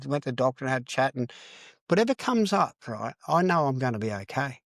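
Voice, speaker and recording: A man's voice: medium pitch, sing-song, fast talker, gravelly, no room sound, clean studio sound. A man, a podcast guest and counsellor telling a long, rambling story, swearing freely and calling the listener mate. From Australia. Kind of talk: casual storytelling interview.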